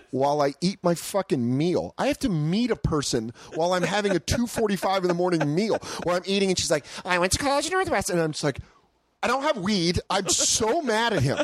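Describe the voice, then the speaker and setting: A man hosting a comedy podcast, telling a story in a casual chat and acting out quotes with big jumps in pitch, swearing freely. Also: no echo. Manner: swears freely, laughs through stories.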